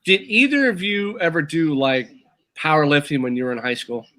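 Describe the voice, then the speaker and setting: A man co-hosting a casual talk show, chatty and eager, sometimes reading aloud haltingly. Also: a little high, sing-song, pushed and bright. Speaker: co-host. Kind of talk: casual chat.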